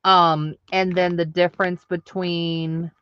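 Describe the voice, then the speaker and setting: Slow, low-voiced woman selling crafts live. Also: flat delivery, a bit bright, clean tone, dry recording, dull audio. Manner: chatty, answers viewer comments aloud. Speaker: craft seller hosting a live online sale. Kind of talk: casual live-selling chat.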